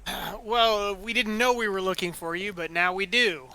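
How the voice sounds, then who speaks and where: A man with a high, very bright voice plays in a tabletop role-playing game. He jokes and laughs easily, and stammers through his in-character lines. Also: steady tone, moderate pace, clean tone, poor audio. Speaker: player. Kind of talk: tabletop role-play chat.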